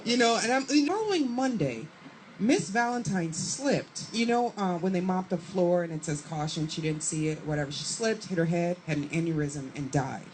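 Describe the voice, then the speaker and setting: A woman comedian telling a profane stand-up story with lively acted-out quotes. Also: lowish voice, moderate pace, slight background noise, low-quality recording. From Chicago area, USA. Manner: profane, animated, acts out quotes.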